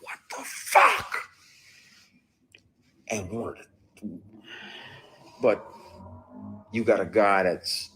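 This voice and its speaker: A man, an actor, speaking candidly about a personal experience, telling it bluntly with frequent cursing and swinging between quiet brooding and loud bursts. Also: low voice, husky. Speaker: actor recounting his experience.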